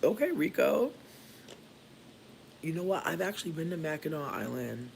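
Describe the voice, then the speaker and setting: A man from Michigan chatting casually with viewers while doing his hair, playful and profane, with sudden jumps into high squeals. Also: quick pace, creaky, slight background noise. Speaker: livestreamer.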